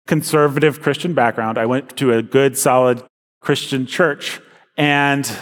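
A young man giving an earnest, conversational personal testimony, with many fillers and restarts. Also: mid-range voice. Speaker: speaker sharing a personal testimony. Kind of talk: casual spoken testimony. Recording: long hall reverb.

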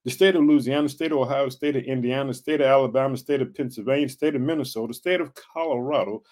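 This mid-range, darkish male voice comes at a rapid-fire clip. Hosting a faith podcast from Illinois, United States, he gives an encouraging sermon, preaching with fervor and repetition and treating listeners as family.

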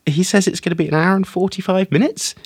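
A man's voice: high voice, fairly even intonation, quick pace, a little mellow, breathy edge, dry recording, studio quality. A man hosting a film podcast in casual chat, hesitant and repeating words as he goes. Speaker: podcast host.

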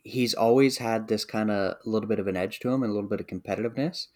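A man's voice: fairly low pitch, fast talker, a little mellow. A man co-hosting a hockey podcast, making an earnest argument in casual chat. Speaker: podcast co-host.

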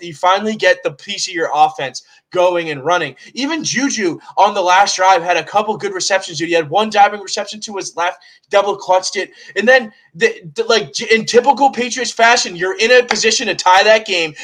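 A man's voice: high voice, a bit bright, rough recording. A man co-hosting a sports podcast, ranting heatedly with lots of swearing in casual talk.

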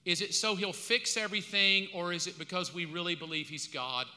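A man's voice: sits high, steady tone, fairly quick, pushed and bright. A man from the United States preaching a sermon as pastor, in a casual, colloquial way with slang asides. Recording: long reverb of a large hall.

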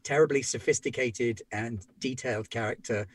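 A man's voice: mid-range voice, normal speed. A man introducing his tabletop character with wry, self-mocking humor. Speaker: player. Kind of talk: casual chat at a game table.

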